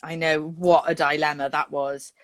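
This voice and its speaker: A woman's voice: low-pitched, flat delivery, normal speed. A woman co-hosting a podcast in casual, rambling, self-mocking chat. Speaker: podcast co-host.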